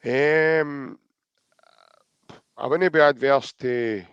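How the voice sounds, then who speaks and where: Smooth-voiced Scottish man, dull dry mic. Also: mid-range voice, steady tone, drawn-out words, a bit bright, no room sound. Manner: easygoing, says "mate" a lot, hesitant restarts. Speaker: podcast co-host. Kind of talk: casual football chat.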